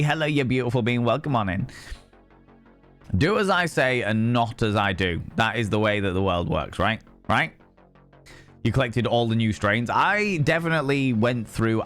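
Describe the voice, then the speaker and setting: Chatty, cussing streamer. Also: male voice, lowish voice. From Yorkshire, England. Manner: chatty and swearing, greets viewers warmly by name. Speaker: livestream host. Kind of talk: casual live-stream chat.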